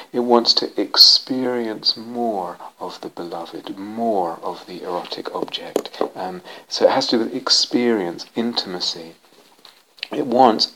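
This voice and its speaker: A man's voice: fairly low pitch, creaky, fairly bright tone, low-quality recording. A man giving a dharma talk to a retreat group, searching for words, repeating key words and often restarting his sentences. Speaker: meditation teacher. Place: retreat center meditation hall.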